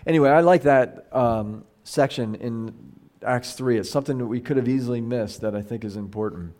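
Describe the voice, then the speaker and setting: With a mid-range, slightly mellow voice and moderate pace, a middle-aged man teaches Bible study as a pastor. It plays as a casual conversational sermon, animated, with plenty of restarts and dramatized quotes.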